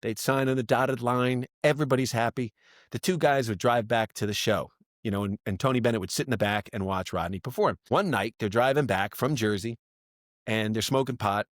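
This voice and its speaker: A man's voice: medium pitch, brisk, no echo. Man telling stories with a dry sound. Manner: animated storyteller acting out quotes. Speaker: guest comedian. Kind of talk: casual storytelling.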